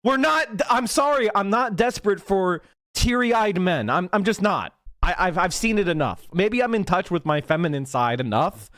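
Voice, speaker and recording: A man on a livestream rants with angry, profane emphasis. His voice sits high for a man and swings widely up and down as he hammers each point. The sound is close and dry, with no room around it. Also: expressive, normal speed, a bit bright, no room sound. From Pennsylvania. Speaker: political livestream host. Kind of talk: heated livestream rant.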